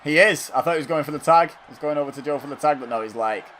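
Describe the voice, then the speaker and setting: Guy commentating a wrestling game, kinda high voice, gets loud then goes dry, bit of hiss. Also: quick pace. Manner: excitable, jumps to loud exclamations then drops to dry asides. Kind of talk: casual play-by-play commentary of a wrestling video game.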